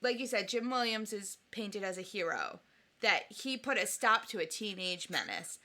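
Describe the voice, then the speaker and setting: A woman co-hosting a podcast in casual chat, animated and jokey, often acting out quotes from the film. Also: mid-range voice, moderate pace. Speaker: podcast co-host.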